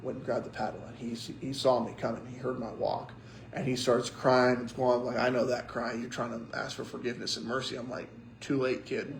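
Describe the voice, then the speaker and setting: A young man with a gravelly edge preaches in a relaxed, storytelling way. He acts out the voices of the people in his stories. A faint hiss sits under the recording. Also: mid-range voice, a little fast, reverberant, low-quality recording. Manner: animated storyteller acting out quotes. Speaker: pastor. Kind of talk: casual sermon storytelling.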